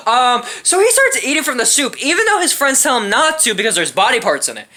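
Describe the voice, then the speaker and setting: A young woman tears into a film in a casual, profanity-laced rant full of sarcasm. Her voice is bright and fairly high, swinging widely in pitch as she riffs. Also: very animated, fast talker, few pauses. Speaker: movie reviewer. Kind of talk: casual comedic movie rant.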